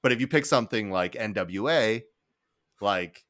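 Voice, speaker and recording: A man's voice: on the low side, animated, normal speed, fairly bright tone, no echo, clean studio sound. A man from Detroit co-hosting a podcast in casual chat, telling anecdotes emphatically and laughing as he goes. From Detroit, United States.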